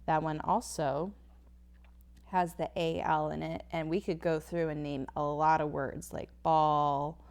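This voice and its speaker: A woman's voice: deep voice, flat delivery, a little mellow. A woman teaching a phonics lesson over slides, patiently sounding out each word. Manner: slow, patient, sounds words out. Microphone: tablet whiteboard recording.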